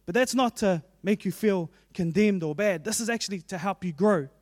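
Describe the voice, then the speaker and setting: A man's voice: high voice, normal speed, no room sound, clean studio sound. A man preaching a sermon in an earnest, conversational way, mixing in personal asides.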